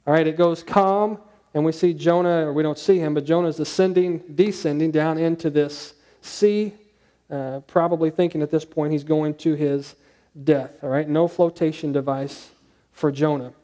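A man preaching a conversational sermon, asking his listeners questions and dropping to a hushed tone on key points. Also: on the high side, fairly even intonation, normal speed. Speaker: pastor.

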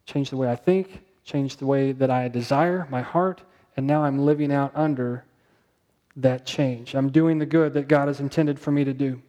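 A male pastor preaching a sermon in a conversational way, asking the congregation rhetorical questions and slowing down to stress key words. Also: mid-range voice, steady tone, dark tone, lo-fi sound.

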